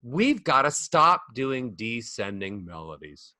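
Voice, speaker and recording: Lively, bright-voiced male voice coach. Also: medium pitch, slow, dry recording, studio quality. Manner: demonstrates speech melodies with sung-up acted examples. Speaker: voice coach guest. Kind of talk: animated podcast teaching. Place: studio.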